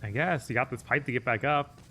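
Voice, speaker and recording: A man co-hosting a game stream, chatting in a relaxed, amused way about games. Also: medium pitch, fairly quick, slight background noise. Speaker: streamer, co-host. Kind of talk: casual gameplay chat.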